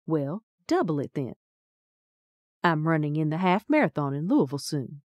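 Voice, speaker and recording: A woman's voice: lowish voice, lively intonation, fairly quick, darkish tone, no room sound, clean studio sound, close to an everyday voice. A woman voicing a sly, teasing male judge in an audiobook. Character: sly middle-aged male small-town judge.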